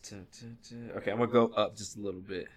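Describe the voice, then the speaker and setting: A man in a casual movie-quote quiz chat, swearing, laughing often and quickly excited. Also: lowish voice. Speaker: quiz player.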